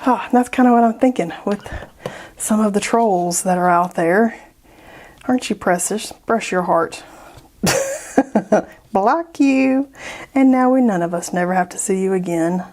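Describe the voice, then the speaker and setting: A woman's voice: medium pitch, unhurried, darkish tone. Giggly, chatty woman painting on camera. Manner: laughs often, bubbly and joking. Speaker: art YouTuber.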